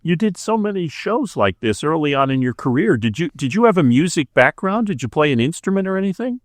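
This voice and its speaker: A man's voice: a little high, very animated, brisk, no room sound. A man co-hosting an interview podcast, asking friendly prompting questions. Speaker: podcast co-host. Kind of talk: casual interview conversation.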